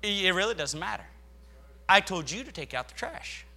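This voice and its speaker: A male pastor preaching a sermon, reading scripture aloud and swelling dramatically in loudness as he drives his points home. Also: high-pitched, lively intonation, normal speed.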